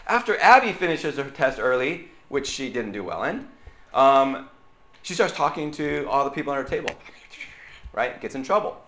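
Bright-voiced man preaching in an echoey church. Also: mid-range voice, sing-song, moderate pace. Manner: chatty, checks in with the crowd with tag questions. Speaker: pastor. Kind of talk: conversational sermon storytelling.

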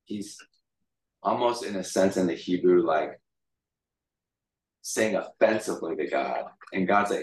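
A male pastor preaches in a chatty, animated storytelling way. His voice sits low. It echoes around the room and is picked up from a distance. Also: a little slow, long pauses. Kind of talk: sermon.

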